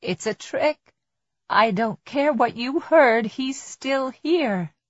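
A terrified woman hiding in the dark, talking herself down in a hushed, shaky, drawn-out murmur, as a woman narrator puts her on. The voice sits higher than the narrator's own and drops soft and slow. The audiobook sound is dry and a little dull. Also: expressive, no echo, heavily acted. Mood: frightened, hushed.

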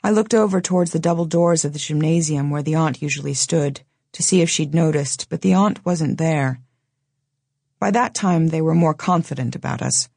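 A woman reads a novel aloud in the first person with a low, husky voice. Her delivery is measured and low-key with a wry edge. The recording is close and dry. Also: darkish tone, no echo. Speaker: audiobook narrator. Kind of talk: scripted first-person narration.

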